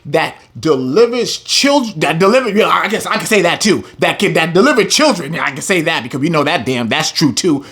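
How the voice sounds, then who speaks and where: Guy preaching off scripture, high voice, swings way up n down, reads verses then goes off loud. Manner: animated, emphatic, swings between reading and loud preaching. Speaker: religious teacher. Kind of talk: reading scripture with heated commentary.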